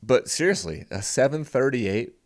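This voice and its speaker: A male podcast co-host chatting casually. His pitch swings widely as he ribs his partner, and he keeps breaking into laughter. His speech sounds unscripted and relaxed. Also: moderate pace. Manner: teasing, laughs often, jumps between topics. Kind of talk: casual banter.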